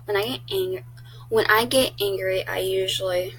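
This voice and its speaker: A woman's voice: mid-range voice, normal speed, fairly bright tone, husky, low-quality recording. A teenage girl chatting casually on her own vlog, blunt and talkative, swearing often. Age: teens. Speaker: YouTuber.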